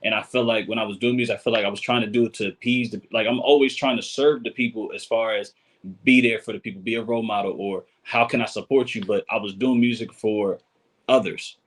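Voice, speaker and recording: A male guest on a casual podcast speaks fast in a husky, mid-pitched voice with a steady tone. He's earnest and emphatic, circling back to repeat his points.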